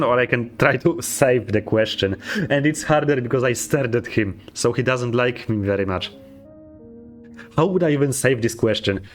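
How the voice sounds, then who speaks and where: A man playing a video game and commenting casually, thinking aloud, swearing and chuckling at himself. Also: mid-range voice. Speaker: let's play gamer.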